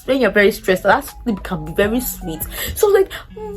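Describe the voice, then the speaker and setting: A young woman with a Nigerian English accent telling a personal story to her vlog audience, lively and acting out what people said. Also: fairly quick, hardly any pauses, faint music behind. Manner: animated, acts out quoted dialogue in a much higher voice. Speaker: vlogger. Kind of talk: casual storytelling.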